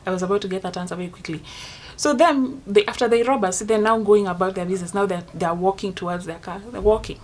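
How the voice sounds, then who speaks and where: A young woman with a Kenyan accent tells a story to her vlog viewers, swinging between loud outbursts and hushed asides. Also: mid-range voice, quick pace, slight background noise. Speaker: vlogger. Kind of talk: casual storytime monologue.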